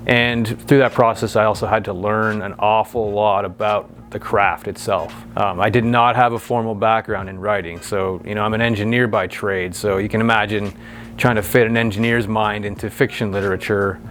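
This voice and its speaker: A man in his forties with a fairly low voice, speaking as an author about his writing. His delivery is thoughtful and measured, and he moves on into a reading from his novel. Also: steady tone, a bit bright, faint music behind. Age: 40s. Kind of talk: author talk and book reading.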